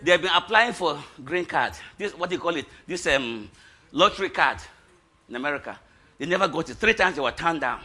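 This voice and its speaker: A middle-aged man, a pastor giving an animated testimony sermon, shouting at its high points and laughing between lines. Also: a little fast, slightly rough.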